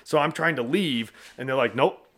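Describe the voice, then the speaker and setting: A man's voice: mid-range voice, normal speed, crowd noise. Laid-back rambling man. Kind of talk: casual chat.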